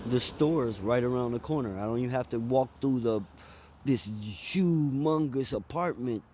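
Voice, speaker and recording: A man's voice: medium pitch, normal speed, dark tone, a little hiss or hum. A man, telling a personal story in a conversational, emphatic way. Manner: conversational, emphatic, drawls and speeds up.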